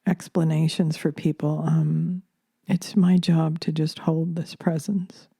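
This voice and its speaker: A woman talking slowly into a close microphone in a soft, reflective spiritual monologue, pausing with fillers and slipping into near-whispers. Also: deep voice, breathy edge, no echo. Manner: soft-spoken, drifting into whispers, hesitant fillers. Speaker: spiritual channeler and podcaster.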